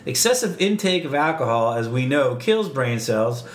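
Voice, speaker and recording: A man's voice: mid-range voice, big pitch swings, moderate pace, reverberant, natural voice. A man putting on a Boston accent to voice a know-it-all barfly who lectures with mock authority. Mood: pontificating. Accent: attempted Boston. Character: know-it-all male barfly holding forth.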